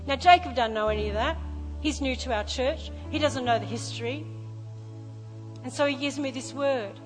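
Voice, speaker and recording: A woman's voice: high-pitched, moderate pace, soft background music. Woman pastor preaching in a reverberant hall. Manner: storytelling, impassioned, swings from hushed to loud. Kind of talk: sermon. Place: large church hall.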